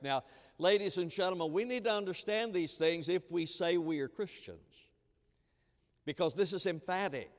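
Pastor, male, slightly high voice, emphatic sermon delivery that swings loud and hushed, long church reverb. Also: moderate pace. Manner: emphatic, repeats key phrases, swings between loud and hushed.

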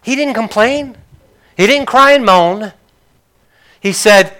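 Conversational male preacher, higher voice. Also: slow, pauses often, bright, forceful tone. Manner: conversational, self-deprecating asides, apologetic. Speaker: pastor. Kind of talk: sermon.

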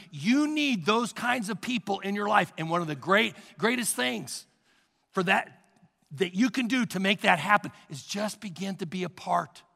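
Male pastor, high bright voice, husky and gravelly, emphatic sermon in a reverberant hall. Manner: emphatic preaching, rising to shouts.

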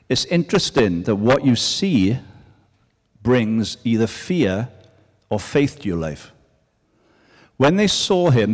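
A man of middle pitch preaches to a congregation, talking in an easy, conversational way. He pushes his voice up to stress key phrases. His words ring out with the long reverb of a large hall. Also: a little mellow. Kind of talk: sermon.

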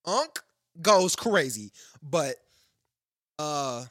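A young man chatting casually with friends in relaxed slang, often restarting his sentences. His pitch moves a lot, and his voice sounds close and dry. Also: very slow, dry recording. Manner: lively, laid-back slang, trails off and restarts. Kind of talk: casual chat.

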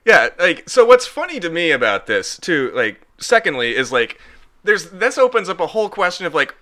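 A man's voice: high voice, sing-song, normal speed, bright, forceful tone. A man co-hosting a podcast in casual chat, rambling and joking, now and then slipping into goofy impressions. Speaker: podcast co-host.

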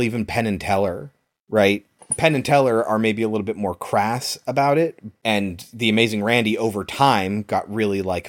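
A man co-hosting a casual podcast about a film, explaining scenes conversationally. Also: on the low side. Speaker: podcast co-host.

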